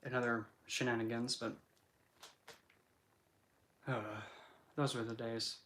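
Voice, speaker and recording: A man's voice: medium pitch, level tone, slow pace, a bit bright, a little hiss or hum. A man hosting a casual livestream Q&A, rambling and often restarting his sentences. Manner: rambling, with frequent restarts and asides. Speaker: livestream host.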